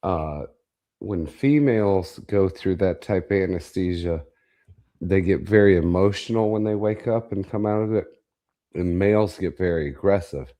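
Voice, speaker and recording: A man with a very low, deep voice tells stories in a loose, animated way, swearing freely. His talk is relaxed chat among friends, rambling and vivid. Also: moderate pace. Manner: profane, animated storyteller. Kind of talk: casual chat, storytelling.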